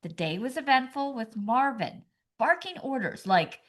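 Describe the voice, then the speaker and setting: A woman's voice: high-pitched, very animated, moderate pace. A woman co-hosting a comedy podcast, sarcastic and acting out screaming parents in her jokes. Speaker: podcast co-host.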